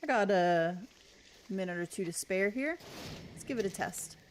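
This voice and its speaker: A woman's voice: mid-range voice, expressive, moderate pace. A woman giving chatty, giggly commentary on a livestream while she plays, talking back to the game characters. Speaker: gaming streamer. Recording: noisy stream audio.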